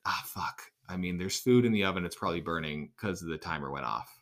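A man co-hosts a podcast in a relaxed, casual chat. He jokes around and drops the odd swear word. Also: low voice, a little fast. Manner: laid-back, joking, swears. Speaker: podcast co-host.

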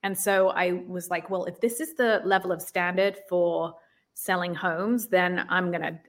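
A woman's voice: fairly low pitch, steady tone, a little slow. Chatty woman guest on a podcast. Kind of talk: casual interview talk.

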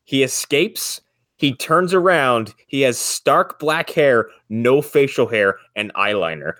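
A man's voice: mid-range voice, animated, slow pace, a bit bright, no echo. A man co-hosting a podcast, chatting casually about TV episodes and rambling with lots of hedging fillers. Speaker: podcast co-host. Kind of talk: casual chat reviewing TV episodes.

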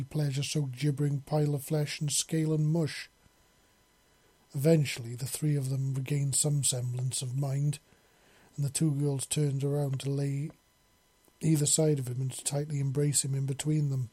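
A man narrating a fantasy novel as an audiobook in a steady, measured way. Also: mid-range voice, slightly rough, no echo. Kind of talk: audiobook reading of a fan novel.

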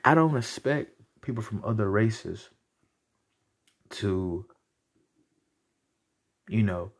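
Gravelly young guy ranting on his podcast, blunt n heated, swears a lot. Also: fairly low pitch, animated, takes it slowly. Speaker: podcast host. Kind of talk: casual rant.

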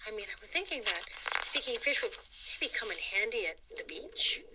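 A woman hosting a children's storytime, reading aloud in an expressive, playful, dramatic way. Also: medium pitch, moderate pace, heavy background noise. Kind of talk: animated read-aloud storytime.

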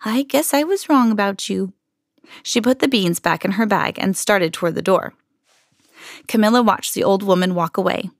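A woman hosting a podcast, reading a children's picture book aloud in an expressive storytelling manner. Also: medium pitch, no echo, clean studio sound.

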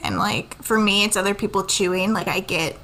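A woman's voice: mid-range voice, normal speed, fairly bright tone, poor audio. A woman co-hosting a casual chat, blunt, swearing freely and laughing often.

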